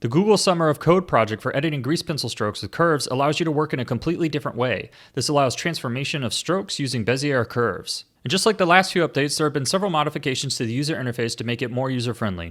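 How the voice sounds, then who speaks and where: A man hosting a scripted software update overview, with joking asides. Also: medium pitch, expressive, quick pace, few pauses. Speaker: tech video host.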